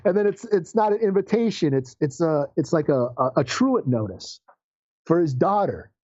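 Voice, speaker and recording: Male podcast co-host, a bit high-voiced, loose rambling storyteller who curses, muffled dry recording. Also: sing-song, normal speed, a little mellow, dry recording. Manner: rambling, profane, laughs while retelling. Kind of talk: casual comic book chat.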